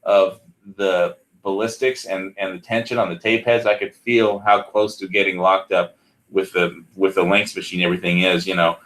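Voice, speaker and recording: A man in casual chat, a recording engineer who rambles excitedly and trails off mid-sentence. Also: low-pitched, normal speed.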